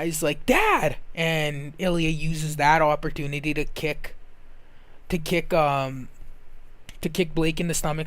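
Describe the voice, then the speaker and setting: Smooth-voiced man recapping an episode. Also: fairly high pitch. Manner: rambling, self-correcting, recounts scenes. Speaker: show reviewer. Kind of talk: casual recap and review.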